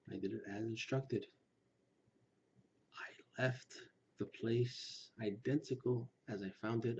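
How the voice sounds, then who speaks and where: A man speaking earnestly to his listeners, pressing his points and sometimes dropping to a hushed near-whisper. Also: fairly low pitch. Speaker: Lukumi practitioner speaking to his channel. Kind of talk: personal commentary to camera. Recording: slightly dull recording with faint background noise.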